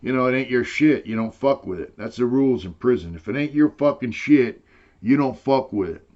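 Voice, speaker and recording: A man's voice: mid-range voice, expressive, brisk, highs cut off. Older man, rambling profane storyteller. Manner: rambling, profane, full of "you know". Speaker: interviewee telling prison stories. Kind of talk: casual storytelling.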